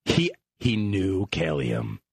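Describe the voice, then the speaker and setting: Animated American radio host ranting. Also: male voice, fairly low pitch, takes it slowly, vocal fry, slightly rough, no echo, studio quality. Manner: animated, ranting, self-mocking. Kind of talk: radio talk show banter.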